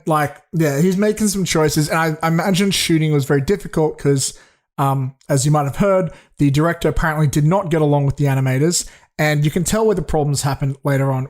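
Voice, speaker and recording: A young podcast host talks through a film review in loose, casual chat. His voice sits a little high, and he rambles, swears freely and keeps restarting his sentences. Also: a little mellow.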